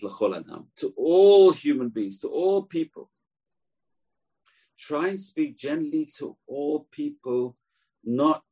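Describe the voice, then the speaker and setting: A man giving a sermon, earnest and emphatic, slowing down to stress key lines. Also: on the low side, gravelly, a little mellow, slightly rough. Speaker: rabbi.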